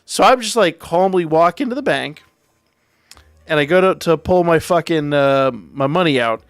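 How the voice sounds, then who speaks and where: A man's voice: a little high, lively intonation, moderate pace, clean tone, no room sound, faint music behind. A man hosting a livestream, telling a story in a wry, profane, casual way. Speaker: livestream host.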